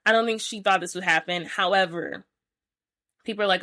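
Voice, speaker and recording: A young woman hosting a podcast, chatting casually and retelling scenes with animated quoted voices. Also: medium pitch, fairly quick. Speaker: podcast host. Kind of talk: casual recap chat.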